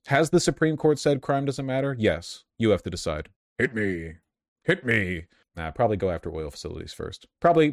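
A man's voice: fairly low pitch, a little mellow, no echo, clean studio sound. A man giving casual political commentary as a streamer, blunt, profane and sardonic.

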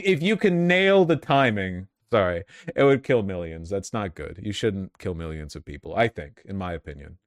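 A blunt, foul-mouthed man riffs through casual political commentary in a sardonic tone. His voice sits on the low side. The sound is dry and close, with no room echo. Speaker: political streamer.

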